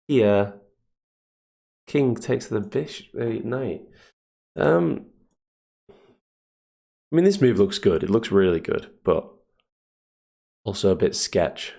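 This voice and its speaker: A man streaming chess and thinking aloud in a casual, hesitant way, with a deep, gravelly morning voice. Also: darkish tone. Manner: thinks aloud, hesitant fillers, chuckles often. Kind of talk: casual live commentary on chess games.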